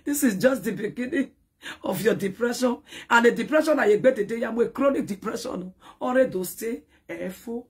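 A husky, fairly high-pitched woman delivers a dramatic social media rant. She scolds and taunts in a repetitive, cutting way. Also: moderate pace, a little mellow. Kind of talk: ranting social media commentary.

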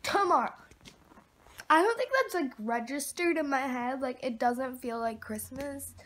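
A teenage girl chatting in a casual home vlog, excitable and giggly, rambling with lots of fillers. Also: sits high, a little slow. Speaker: vlogger. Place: at home with her dog. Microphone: camera mic.

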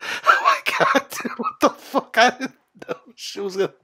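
A man streaming a cartoon reaction, swearing loudly and laughing in bursts. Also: very high-pitched, wildly swooping pitch, moderate pace, a little hiss or hum. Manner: loud, profane, bursts of laughter. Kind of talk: casual reaction commentary.

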